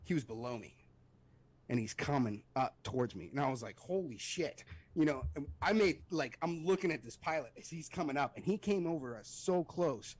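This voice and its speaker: Animated man telling war stories. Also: on the high side, moderate pace, dry recording. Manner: animated, acts out voices and sounds in his stories. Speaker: guest, Army veteran. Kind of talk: casual storytelling in a podcast interview.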